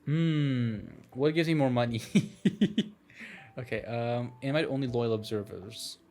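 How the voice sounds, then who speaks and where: A man doing let's-play commentary on a strategy game, excitable and swinging into shouting and giddy whoops. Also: mid-range voice, slow pace. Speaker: gaming streamer.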